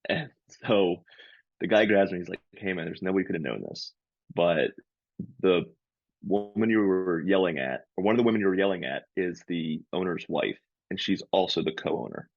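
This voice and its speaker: A comedian co-hosting a podcast, his low-pitched voice creaky and his pace moderate, tells a story in casual chat. He's an animated storyteller who voices the characters' lines loudly, and the recording is dry and dull.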